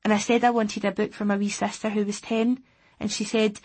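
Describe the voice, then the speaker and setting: A woman with a Scottish accent reading a first-person audiobook as a teenage boy, steady and plain. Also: medium pitch, brisk, husky. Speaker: audiobook reader.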